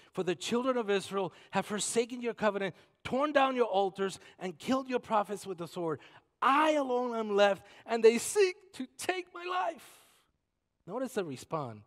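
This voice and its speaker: High-voiced preacher man in an echoing church. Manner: preaching with scripture reading, swinging from hushed to loud. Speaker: pastor. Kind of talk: sermon. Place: church sanctuary.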